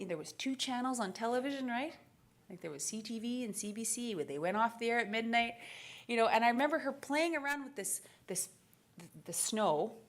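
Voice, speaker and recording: A woman in her thirties from Canada, giving an animated, story-driven keynote speech at a conference, laughing often and acting out the dialogue. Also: fairly high pitch. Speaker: keynote speaker. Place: conference stage.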